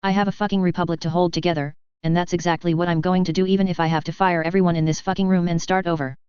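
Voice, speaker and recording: A woman voicing a stern, furious female prime minister, low and smooth in a slightly dull recording. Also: little pitch movement, very fast, darkish tone, no echo, close to an everyday voice. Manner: commanding, furious.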